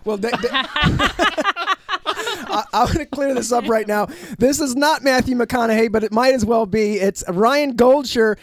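Excitable high-voiced male radio host. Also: a little slow. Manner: excitable, stammering, playful. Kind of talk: casual radio banter. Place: radio studio.

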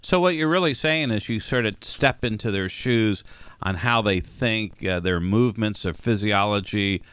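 A man's voice: lowish voice, normal speed, a bit bright, clean tone, no room sound. A man co-hosting a radio show, asking questions with enthusiasm. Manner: enthusiastic, inquisitive. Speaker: radio co-host. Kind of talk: casual radio interview. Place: radio studio.

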